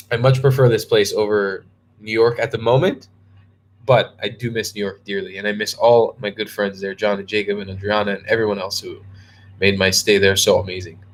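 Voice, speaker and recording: Tired young man rambling on a livestream. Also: on the low side. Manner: rambling, restarts a lot, reads viewer comments aloud. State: tired and yawning. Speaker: travel vlogger answering live chat. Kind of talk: casual live-stream chat.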